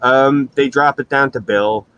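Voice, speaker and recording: A middle-aged man, hosting a stream with crude, animated storytelling. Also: mid-range voice, a little slow, clean tone, muffled recording. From New York. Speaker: stream host. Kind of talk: casual profane chat.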